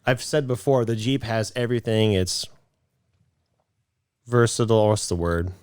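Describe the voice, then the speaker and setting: A man's voice: fairly low pitch, normal speed, clean tone, dry recording. Rambling man in his late twenties, dry sound. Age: late 20s. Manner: rambling storyteller, restarts, animated in quotes. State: a bit out of breath. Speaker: podcast co-host. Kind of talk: casual chat.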